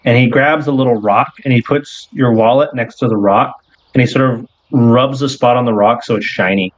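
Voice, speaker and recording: A man's voice: medium pitch, normal speed. A man runs a tabletop game, narrating the scene in a loose, easygoing way. His voice sits in a middle register and comes through a dull, lo-fi recording. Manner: relaxed storytelling with fillers. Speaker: game master.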